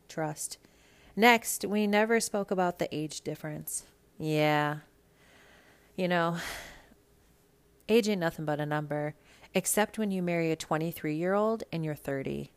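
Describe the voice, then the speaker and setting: A Minnesota woman hosts a podcast, delivering a casual monologue of celebrity gossip. Her voice sits low and sounds clear and resonant, and she takes her time. She's blunt and sassy and swears freely.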